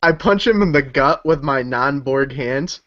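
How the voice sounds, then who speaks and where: A man at a tabletop game, calmly describing his character's actions in a middle-pitched voice. The recording is dull and lo-fi. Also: a little slow. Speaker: player. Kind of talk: casual tabletop play.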